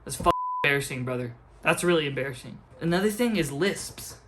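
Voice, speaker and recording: A man's voice: on the high side, lively intonation, brisk, noisy background. A young adult man, not a native English speaker, giving an angry, profane ranting monologue as a college student vlogger.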